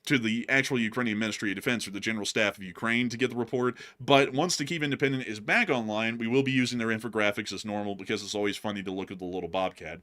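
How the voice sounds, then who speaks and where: A man's voice: mid-range voice, sharp tone. A man hosting a war news show, giving casual commentary and joking as he addresses his viewers as folks.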